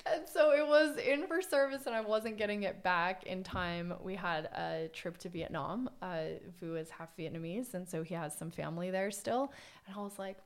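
A young adult woman guesting on a podcast, telling her stories in an animated, chatty way. She laughs often and acts out the lines of the people in them. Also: medium pitch, normal speed. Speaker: podcast guest, watch collector. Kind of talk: casual conversation.

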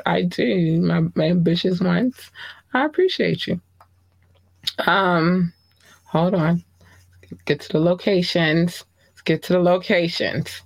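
A woman hosts her own podcast, chatting casually and gushing thanks to her listeners. Her voice leaps up high when she gets excited. The recording is dry and close, with no room sound. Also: dry recording. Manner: effusive, shouting out listeners by country. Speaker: podcast host. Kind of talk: casual solo podcast chat.

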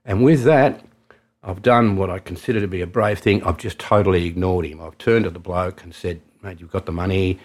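A man's voice: low-pitched, brisk. A man with an Australian accent, a taxi driver telling a vivid anecdote in colloquial, conversational speech. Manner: colloquial, vivid storytelling, drops quiet for tension. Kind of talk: spoken anecdote.

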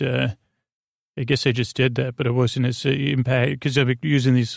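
A man hosting a sleep podcast, talking in creaky, soothing tones with rambling, filler-heavy bedtime talk. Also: medium pitch, little pitch movement, moderate pace, no room sound, studio quality. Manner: rambling, full of fillers and tangents.

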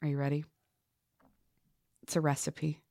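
A woman's voice: low voice, completely flat delivery, measured pace, creaky, warm tone, no room sound, clean studio sound. A woman hosting a casual podcast while sick, with a sore throat, talking in a playful, jokey way. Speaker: podcast host.

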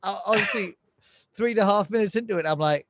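Dry-humoured podcast guy, bit high voice, chuckles, stammers a little. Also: fast talker, slight background noise. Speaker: podcast co-host. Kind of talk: casual chat.

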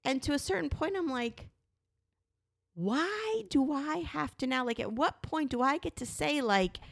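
A middle-aged woman talking candidly and emphatically with her husband, her voice jumping high when she insists. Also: expressive, measured pace, creaky, dry recording, clean studio sound. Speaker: podcast co-host, wife. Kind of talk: candid couple conversation.

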